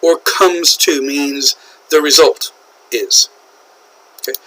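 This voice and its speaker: A man with an American accent teaching English usage, explaining slowly and repeating key phrases, often checking in with "okay?". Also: on the high side, fairly even intonation, sharp tone, poor audio. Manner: slow, repetitive explaining with frequent "okay?" checks. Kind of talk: classroom lecture on English usage.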